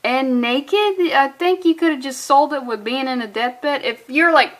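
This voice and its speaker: A woman's voice: a little high, normal speed, hardly any pauses, fairly bright tone. A woman reviewing a comic book in a sarcastic, exasperated way, swearing freely and using valley-girl phrasing.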